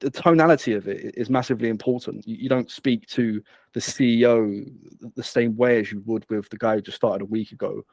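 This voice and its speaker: A man's voice: lowish voice, fairly even intonation, brisk, darkish tone, no room sound. A man, a headhunter speaking as an interview guest. He talks with energy and repeats words as he starts phrases. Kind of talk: conversational interview.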